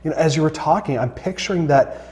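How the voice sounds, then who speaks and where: A man's voice: a little high, quick pace, a little mellow. A man co-hosting a Christian talk show, earnest and reflective, often restarting his sentences. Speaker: co-host.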